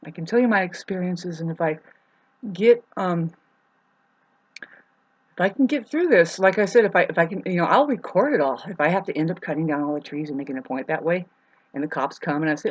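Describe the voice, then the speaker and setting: A woman's voice: fairly low pitch, brisk, slightly rough, low-quality recording. A woman in a rambling, profane monologue, half-rhyming and sarcastic, with many ums.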